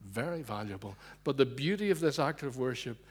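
A man with a husky, slightly breathy voice delivers a sermon in a storytelling way. He swings between emphatic, raised passages and quiet, low-spoken moments. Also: lively intonation, a little fast. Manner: storytelling, shifting between loud emphasis and hushed low asides. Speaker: preacher.

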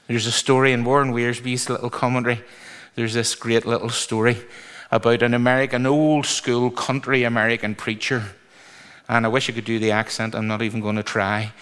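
Male preacher, mid-pitched voice, lively and emphatic sermon delivery. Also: fairly quick, clean tone.

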